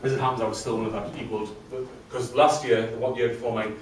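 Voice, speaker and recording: Before a live audience, a man tells his own story in a chatty, self-deprecating way, his mid-range voice steady and quick. A distant mic in a very echoey room picks him up with faint ambience and a little hiss or hum.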